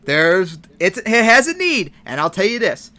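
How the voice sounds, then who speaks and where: A man hosting a casual podcast discussion, talking in an animated, emphatic way and swearing freely. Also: high-pitched, a little slow. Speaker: host.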